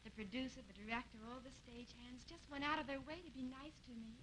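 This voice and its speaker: A woman's voice: high-pitched, quick pace, a bit bright. A young woman appearing as a guest actress on a 1950s TV comedy show, speaking sweetly and playfully. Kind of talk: scripted 1950s TV comedy banter. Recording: slightly noisy 1950s TV broadcast recording.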